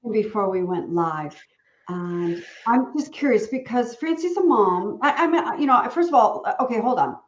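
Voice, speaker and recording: A woman's voice: on the high side, animated, normal speed. A woman hosting an interview show, talking in a rambling, motivational way over a video call. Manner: rambling, motivational, fillers and restarts. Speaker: podcast host. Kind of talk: casual interview chat. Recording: roomy, dull video-call audio.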